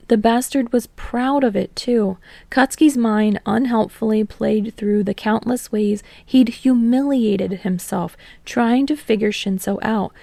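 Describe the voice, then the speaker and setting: Woman narrating with a gravelly tone. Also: fairly high pitch, mellow, no room sound. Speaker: podfic reader. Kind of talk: fan audiobook narration.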